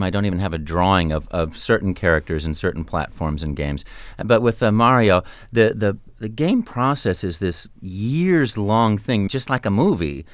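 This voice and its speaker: A male voice actor speaks as a guest on a radio interview, lively and animated and ready to break into character voices. His low voice is smooth and resonant, recorded dry and close in a studio. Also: dry recording. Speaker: video game voice actor, guest.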